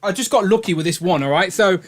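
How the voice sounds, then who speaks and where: A man's voice: high-pitched, fast. A man hosting a toy review live stream, chatty and upbeat, laughing easily. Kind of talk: casual live-stream chat.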